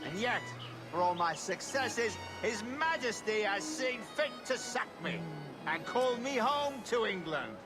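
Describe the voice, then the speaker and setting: A pompous, recently sacked colonial governor in a video game. He speaks in grand, sarcastic flourishes, with a voice pitched high for a man. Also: expressive, a little slow, loud music behind the voice. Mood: sardonic. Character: pompous ousted colonial governor, bitter and theatrical.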